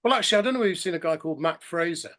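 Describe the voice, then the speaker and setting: Rambling man, slightly high voice. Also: lively intonation, very fast, sharp tone. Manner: rambling storyteller, many restarts and acted-out quotes. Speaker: podcast guest. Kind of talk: casual interview chat.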